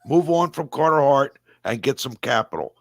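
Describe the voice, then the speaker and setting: A man's voice: mid-range voice, expressive, moderate pace, vocal fry, dry recording, clean studio sound. A man co-hosting a casual sports podcast, frank and emphatic, often repeating his point. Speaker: podcast co-host.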